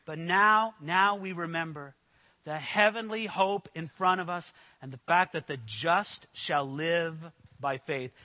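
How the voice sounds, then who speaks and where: A man's voice: fairly high pitch, sharp tone. Earnest male preacher in a reverberant hall. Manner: earnest, emphatic preaching with slow stressed scripture quotes. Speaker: pastor. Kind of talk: sermon. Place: church hall with an audience.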